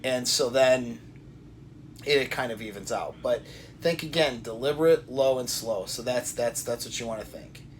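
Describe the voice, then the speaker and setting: A man talking straight to the camera with coaching advice, deliberate and repetitive, often restarting his sentences. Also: mid-range voice, a little hiss or hum. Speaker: self-help coach. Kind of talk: direct-to-camera advice talk.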